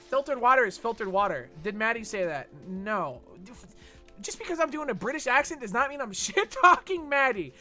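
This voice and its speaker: A man's voice: high-pitched, bright, forceful tone. A young man streaming a game, chatting casually and reading chat with a rambling, sweary manner full of fillers.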